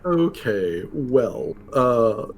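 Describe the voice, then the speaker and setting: A man's voice: mid-range voice, big pitch swings, drawn-out words. A man running a tabletop game as game master, narrating in a rambling, casual way. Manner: rambling, full of fillers and laughs.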